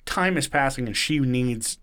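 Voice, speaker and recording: A man hosts a podcast in a casual, animated way. He swears often and throws himself into quotes with shifting voices. His pitch sits at an ordinary middle for a man. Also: unhurried. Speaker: podcast host. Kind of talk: casual storytelling chat.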